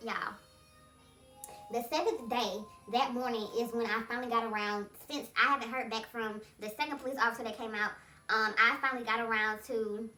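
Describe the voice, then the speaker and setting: A woman telling viewers a personal story in a casual storytime vlog, speaking in an animated way and addressing her audience as "y'all.". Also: on the high side, brisk. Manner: acts out the voices of people in her story. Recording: roomy sound from a distance, faint music behind.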